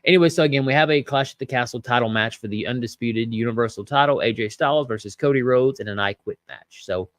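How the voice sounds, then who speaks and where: A man's voice: mid-range voice, fast, hardly any pauses, no echo. A man hosting a podcast, casually recapping and commenting on a wrestling show, chatty with many fillers and reading out viewer comments. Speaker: podcast host reviewing wrestling.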